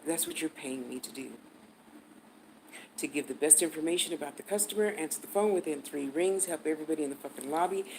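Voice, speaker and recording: An older woman in her sixties spinning a story with blunt, profane energy and fast turns between loud jabs and low muttered asides. Her voice sits slightly lower than most women's. A faint hiss of the room sits under it. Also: low-quality recording. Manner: blunt, cursing, animated storyteller. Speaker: vlogger.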